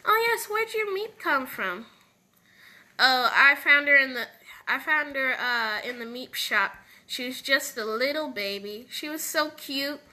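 A woman's voice: high voice, animated, unhurried, pushed and bright. A woman voicing characters in a casual game roleplay, playful and switching between voices.

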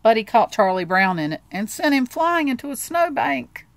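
A woman reading a children's book aloud with expressive, lively narration. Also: on the high side, normal speed, no room sound. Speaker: storybook reader.

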